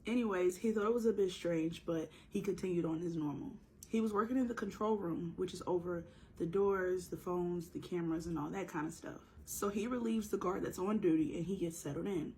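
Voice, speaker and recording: Chatty woman telling a storytime, slightly hoarse. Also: fairly low pitch, fairly quick, hardly any pauses, darkish tone, a little hiss or hum, rough recording. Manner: chatty, joking asides, slangy, acts out the people in the story. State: sore throat, slightly hoarse. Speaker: storytime narrator. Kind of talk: casual storytime narration.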